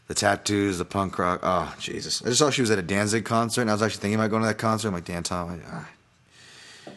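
A man hosts a casual solo podcast and talks through fight picks. His voice sits fairly low, and he rambles and pokes fun at himself. He fills gaps with "uh" and "you know" and often restarts his sentences. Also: fairly bright tone. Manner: rambling, self-deprecating, many fillers and restarts. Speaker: podcast host, fight analyst.

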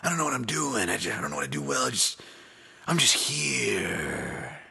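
A man's voice: medium pitch, very animated, vocal fry, pushed and bright, breathy edge, voice pushed up, heavily acted. A man mocking a clueless, aimless fighter. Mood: vacant. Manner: dopey, halting, vacant. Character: aimless, clueless young male fighter mocked.

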